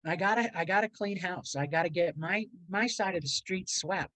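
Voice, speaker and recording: A woman's voice: on the low side, normal speed, fairly bright tone, dry recording, poor audio. A middle-aged woman, a podcast guest and motivational speaker, telling a personal story in a rambling, earnest way and acting out the voices of people in it.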